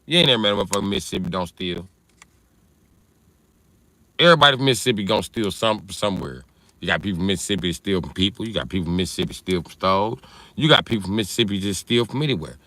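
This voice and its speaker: A man's voice: sits low, expressive, fast, sharp tone, no echo. A man hosting a livestream, riffing through a loose, profane comedic rant and answering chat. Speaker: livestream host.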